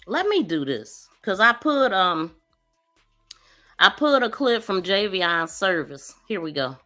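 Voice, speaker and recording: A woman's voice: mid-range voice, very animated, slow pace, sharp tone, soft background music. A woman hosting a true crime live stream, commenting emphatically and talking straight to her viewers. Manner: emphatic, outspoken, addresses viewers directly. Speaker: true crime podcast host.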